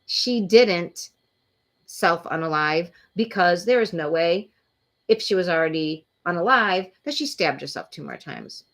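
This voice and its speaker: A woman's voice: lowish voice, lively intonation, measured pace. A woman hosting a true crime show, talking casually and indignantly with many fillers. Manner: opinionated, indignant, rambling with fillers.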